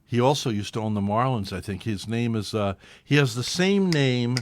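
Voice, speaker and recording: A man's voice: mid-range voice, normal speed, a little hiss or hum. A man who hosts a local talk radio show, telling a rambling anecdote in casual conversation and acting out other people's lines along the way. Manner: animated, rambling, acts out other people's voices.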